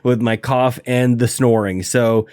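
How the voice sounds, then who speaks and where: A man's voice: medium pitch, steady tone, unhurried, a little mellow. A man hosting a podcast while sick, short of breath from a cough, talking in a rambling, self-deprecating, upbeat way. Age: adult, married. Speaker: podcast host. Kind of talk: casual podcast chat.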